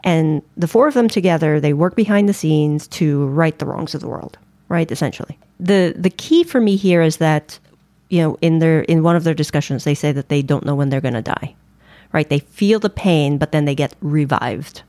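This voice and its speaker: A woman's voice: sits low, normal speed, warm tone, no room sound. A woman co-hosting a podcast, leading a casual, eager discussion of a film. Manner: leads the discussion, chatty and eager. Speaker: podcast co-host. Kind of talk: casual movie review chat.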